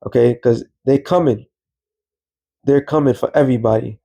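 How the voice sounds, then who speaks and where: A man's voice: mid-range voice, normal speed, creaky, dark tone, breathy edge. Rambling man. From New York. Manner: rambling, loose, streetwise talk. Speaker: religious commentator. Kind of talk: casual commentary vlog.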